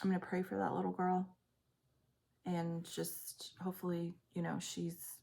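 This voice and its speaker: A woman giving an intense psychic reading to camera, halting and trailing off as she speaks. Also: on the low side, completely flat delivery, vocal fry, mellow. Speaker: psychic reader. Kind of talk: intuitive reading on video.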